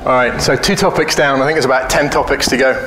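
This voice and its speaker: Speaking quickly at a medium pitch, this conference speaker keeps his talk casual, trading anecdotes, jokes, and free swearing with blunt delivery. The hall is echoey and there's background noise.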